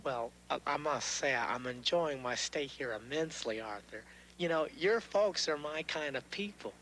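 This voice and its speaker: An actor playing a witty, worldly talking turkey in a puppet show, with dry, theatrical wisecracks. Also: male voice, on the high side, normal speed, a bit bright, a little hiss or hum, close to an everyday voice, rough recording. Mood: wry.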